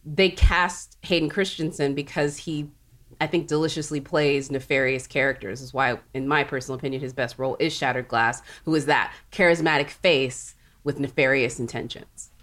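A woman's voice: rumbling low, steady tone, moderate pace, fairly bright tone. A woman on a casual podcast panel, giving hedged opinions.

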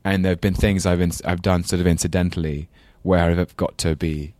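A man with a London English accent talks as a guest on a talk show, thoughtful and rambling, quick to laugh. His voice is very low and the sound is dry and close. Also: steady tone, warm tone, no echo. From England. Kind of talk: casual chat.

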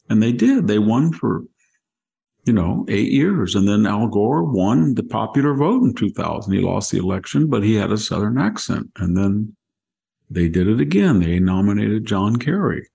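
A man's voice: lowish voice, moderate pace. An older man hosting a political talk show, explaining at length in a casual, rambling way. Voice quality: gravelly. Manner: long rambling explanations with animated quoted voices. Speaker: podcast host, commentator.

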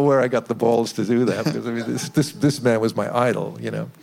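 A man's voice: medium pitch, fast talker, vocal fry. Older man telling studio anecdotes. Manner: lively anecdotes, acts out quotes, chuckles. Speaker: record producer. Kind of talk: interview storytelling.

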